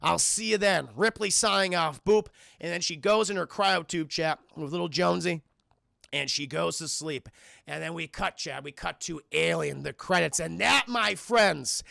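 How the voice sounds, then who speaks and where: A man streaming a profane, jokey film recap to his chat, in an animated way. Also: high-pitched, measured pace, vocal fry, no room sound, clean studio sound.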